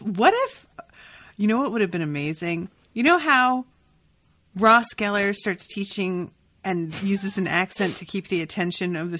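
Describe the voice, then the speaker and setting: A woman hosting a podcast in casual chat, animated and profane, laughing often. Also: medium pitch. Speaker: podcast host.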